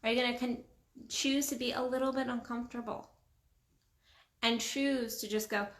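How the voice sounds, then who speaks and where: A woman's voice: a little high, steady tone, moderate pace, long pauses. Emphatic woman coach in a roomy space. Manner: emphatic, repeats phrases, acts out quoted speech. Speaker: relationship coach. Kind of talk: casual vlog monologue. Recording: roomy echo.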